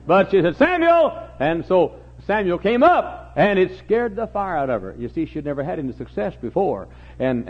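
A man's voice: mid-range voice, slightly rough. A man preaching a sermon as a folksy storyteller, with humorous asides and acted-out voices, in a dull lo-fi recording.

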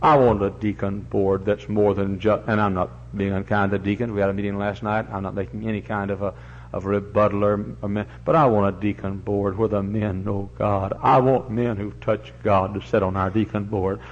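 A man preaching a sermon as pastor, in a folksy, animated storytelling manner, in a church. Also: on the low side, a little fast, slight background noise. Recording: dull lo-fi recording.

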